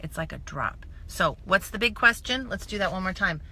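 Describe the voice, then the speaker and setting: A woman's voice: medium pitch, animated, moderate pace, sharp tone. A woman giving an enthusiastic, emphatic motivational talk on a live stream from her phone, repeating her points for emphasis. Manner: enthusiastic, emphatic, builds with repetition. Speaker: direct-sales business mentor.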